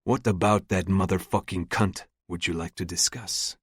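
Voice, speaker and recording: An older crime boss with a thick Brazilian accent, as a male narrator puts him on. His voice sits low and controlled, with cold menace under every word. The read is dry and close, with no room around it. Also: fairly even intonation, normal speed, husky, no echo. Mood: seething. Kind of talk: audiobook narration.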